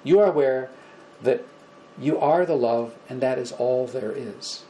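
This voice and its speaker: A man leads an informal spiritual lecture for a small group. His voice sits at an ordinary middle pitch, and he talks gently, often repeating words. There is a faint hiss of background noise behind him. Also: unhurried, rough recording. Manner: gentle, repetitive, animated when acting out examples. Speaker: spiritual teacher.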